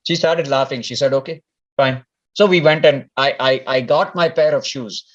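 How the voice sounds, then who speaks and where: A man's voice: medium pitch, moderate pace. A man from India telling a personal story in casual talk, rambling and often restarting his words. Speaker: speaker sharing a personal story. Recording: dull lo-fi recording.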